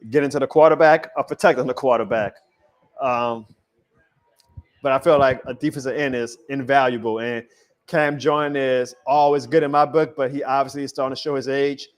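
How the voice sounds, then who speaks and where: A man hosting a live reaction stream in a casual, excitable, rambling way, chuckling often as he talks to his chat. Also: mid-range voice, normal speed.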